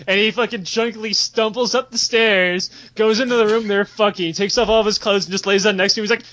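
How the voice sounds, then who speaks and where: A man with a high, bright voice tells a crude story in a loose, excitable, laughing way. The sound is a bit dull and lo-fi. He talks as a podcast host. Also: fairly quick, hardly any pauses. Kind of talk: casual comedic storytelling.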